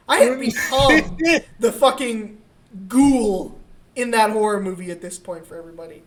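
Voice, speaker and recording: A woman co-hosting a podcast, telling a comic story in a casual, profane and animated way. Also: fairly high pitch, normal speed, crowd noise. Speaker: podcast co-host.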